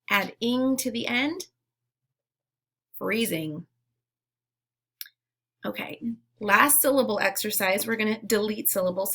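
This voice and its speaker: A woman teaching a phonics lesson to young children, giving slow, clearly spoken word prompts and pausing for them to repeat. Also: medium pitch, fairly bright tone. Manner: encouraging.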